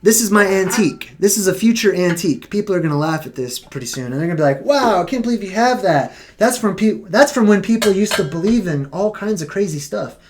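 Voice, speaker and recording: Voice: medium pitch, lively intonation, quick pace, few pauses, darkish tone, a little hiss or hum. Emphatic live-streamer arguing a point. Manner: emphatic, argumentative, with rhetorical questions. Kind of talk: casual live-stream commentary.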